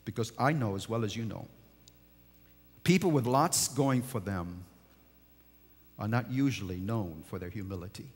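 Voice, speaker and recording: A man, a pastor, delivering a sermon that swings from hushed, quiet passages to emphatic, rising declarations. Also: on the low side, normal speed, long pauses, breathy edge. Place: large church sanctuary. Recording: long church reverb.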